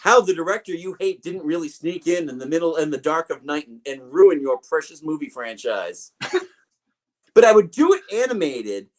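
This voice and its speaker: A man's voice: on the high side, expressive, moderate pace. A man co-hosting a movie podcast in casual chat, rambling and joking through long asides. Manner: rambling, jokey, trails into asides. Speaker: podcast co-host.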